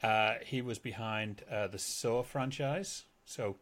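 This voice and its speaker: A man's voice: on the low side, takes it slowly, a loud crowd. A man co-hosting a podcast, asking questions in a joking, casual way. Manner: joking, animated. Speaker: podcast co-host. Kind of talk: casual interview chat.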